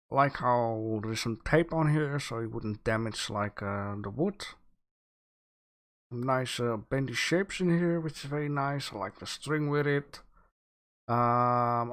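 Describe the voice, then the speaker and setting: A man talks through artwork on a livestream in a loose, unhurried way, stopping on "uh" and "um" as he thinks. His voice sits at a middle pitch for a man, and he reads out viewer comments between his own remarks. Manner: relaxed, filler-heavy, thinking aloud while reviewing. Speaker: livestream host giving art feedback.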